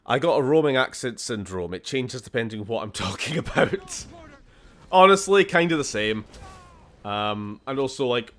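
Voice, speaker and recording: While streaming a game, a Scottish man chats casually, cursing and laughing often with frequent shifts in tone. He speaks at a moderate pace in a mid-range, slightly bright and animated voice, giving casual commentary on the gameplay.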